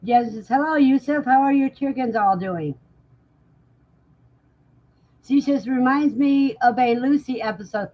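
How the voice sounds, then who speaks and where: Her voice sits high in a muffled recording as she hosts a livestream. Unhurried and chatty, she reads viewers' comments, replies to them, and laughs a lot.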